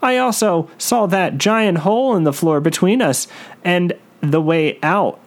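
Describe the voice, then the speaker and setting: A man voicing a terrified, geeky boy in a cave, speaking in a shaky, nervous, high voice. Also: unhurried.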